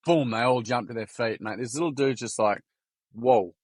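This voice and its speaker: A man in his forties tells stories in a casual interview, blunt and matey. His voice sits at an ordinary pitch and is recorded dry and close. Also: brisk, no echo. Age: 40s. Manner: blunt, matey, energetic storyteller. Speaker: guest, workshop founder.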